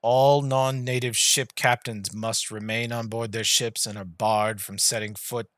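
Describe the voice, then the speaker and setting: A man voicing a smug male ruler who smiles down at a crowd and makes slow, measured proclamations. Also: mid-range voice, fairly even intonation, a bit bright, no echo, lightly acted. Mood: coldly decreeing.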